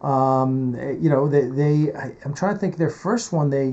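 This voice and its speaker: A man's voice: medium pitch, moderate pace, warm tone, muffled recording. A man hosting a casual interview, rambling and thinking aloud while handling things on his computer. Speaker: host and producer.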